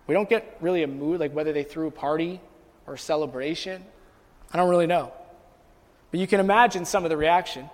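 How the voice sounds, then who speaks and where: High-voiced preacher in a reverberant hall. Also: male voice, a little fast. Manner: rises in pitch and volume as he builds intensity; repeats and restarts phrases while preaching. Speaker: pastor. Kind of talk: sermon.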